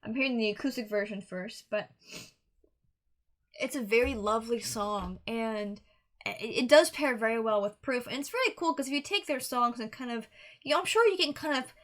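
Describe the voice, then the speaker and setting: Bright-voiced young woman rambling earnestly. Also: a little high, moderate pace. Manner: rambling, earnest, with frequent restarts and fillers. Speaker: music reaction reviewer. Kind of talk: casual song review monologue.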